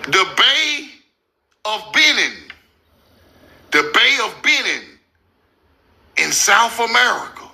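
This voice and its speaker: Man, very high voice, gravelly, slow drawl, loud and incredulous, swearing, laughing, casual commentary. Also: sing-song. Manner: slow, drawn-out emphasis on names. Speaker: host. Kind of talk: casual commentary over maps.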